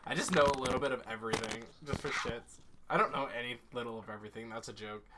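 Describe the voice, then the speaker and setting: A man hosting a game stream and bantering with friends over voice chat. His voice has a bright, forward edge, and he keeps the talk loose and teasing. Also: medium pitch, fairly even intonation, fast, a little hiss or hum. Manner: joking, teasing, laughs often. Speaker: gaming streamer. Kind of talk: casual party chat on stream.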